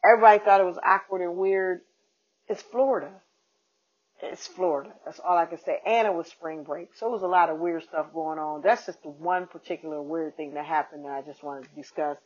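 A woman comedian and podcast host telling a casual, animated story and acting out the people in it. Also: lowish voice, fast, hardly any pauses. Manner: animated, acts out quoted people. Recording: dull lo-fi podcast audio.

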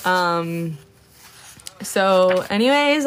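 A woman's voice: mid-range voice, measured pace, slight background noise. A woman chatting casually on a livestream, greeting viewers by name and swearing freely while she shows off her coloring pages.

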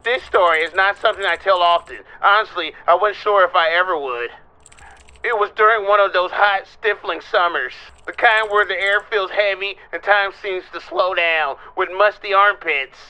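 Teen boy telling his story, as a gamer guy reads it out, bright high voice, steady and measured. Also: poor audio. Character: sixteen-year-old boy recalling a lone train trip. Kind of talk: reading a game's story narration aloud.

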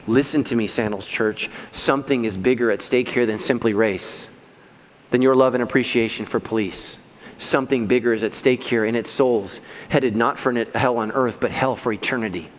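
A man's voice: medium pitch, in a large hall. A middle-aged male pastor preaching a sermon in a church, conversational and joking, laughing at his own jokes. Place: church auditorium.

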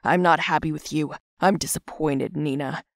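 A woman voicing a stern father who scolds his daughter in a lowered, reproachful voice in an animated story. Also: moderate pace, creaky, no echo, studio quality.

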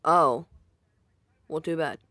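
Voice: mid-range voice, slow pace, bright, forceful tone, no room sound. Casual YouTuber reacting to comments, self-mocking, recorded dry at a home mic. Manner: self-deprecating, rambling, reacts aloud. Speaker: YouTuber reading viewer comments.

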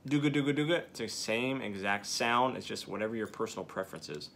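A man's voice: on the low side, steady tone, fairly quick, vocal fry, heavy background noise. A man teaching beginners to use a duck call, coaching step by step with frequent "okay" check-ins. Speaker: duck calling instructor. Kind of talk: hands-on teaching demonstration.

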